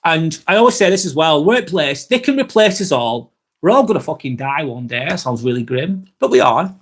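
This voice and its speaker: Brisk and fairly high-pitched, his voice swings widely in pitch as he hosts a casual live vlog. The Northwest England man, Lancashire accent and all, reads out viewer comments, swears a lot, and keeps restarting what he's saying.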